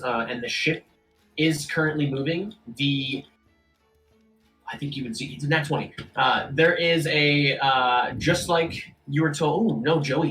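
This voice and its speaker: A man running a tabletop game as game master, narrating casually with many pauses and fillers. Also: medium pitch, a bit bright, low-quality recording.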